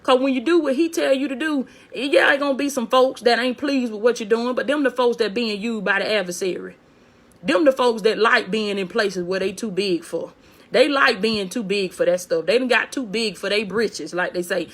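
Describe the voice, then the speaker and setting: A woman's voice: a little high, a bit bright. A woman preaching a motivational sermon on a phone video, fervent, repeating phrases and calling out to her listeners.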